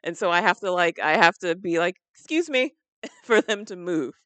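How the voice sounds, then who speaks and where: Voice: mid-range voice, fairly even intonation, fairly quick, bright, forceful tone, clean tone, dry recording. A podcast co-host in casual chat who laughs often and talks in a giggly, chatty way.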